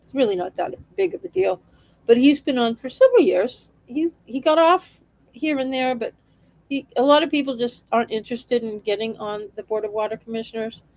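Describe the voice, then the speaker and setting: Woman vlogger, chatty, wry and sarcastic, higher voice, dry close sound. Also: expressive, brisk, a little mellow, no room sound, poor audio. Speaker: local news vlogger. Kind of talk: casual commentary on local town politics.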